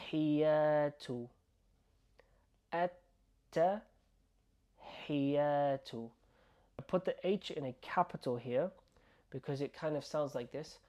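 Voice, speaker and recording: A man teaching an online language lesson, slowly repeating words and sounds for the learner to copy. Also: fairly high pitch, darkish tone. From United Kingdom. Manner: slow, repeating words and sounds to drill pronunciation. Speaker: Arabic teacher.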